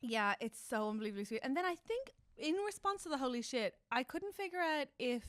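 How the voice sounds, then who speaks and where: Animated woman podcast co-host, dry sound. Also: high-pitched, a little fast, dry recording. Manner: animated, swings between loud excitement and soft mock-tender quoting. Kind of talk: casual chat recapping a TV show.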